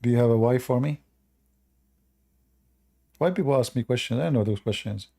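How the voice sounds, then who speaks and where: A man rambles through viewer questions in a loose livestream chat. His voice is gravelly and dark, sitting at a middle pitch. He trails off and restarts often. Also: moderate pace. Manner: rambling, many fillers and restarts. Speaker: religious commentator answering viewers.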